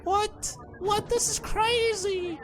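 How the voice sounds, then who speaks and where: A man's voice: very high voice, fairly even intonation, slow, a bit bright, voice pushed up, full character voice. A man voicing a shocked woman tourist who whines in disbelief, in a comedy dub.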